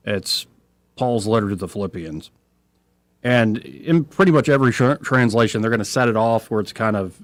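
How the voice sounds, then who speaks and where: A man with a Southern accent hosting a talk radio show, speaking in a relaxed, conversational way and reading scripture slowly. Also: on the low side, dry recording.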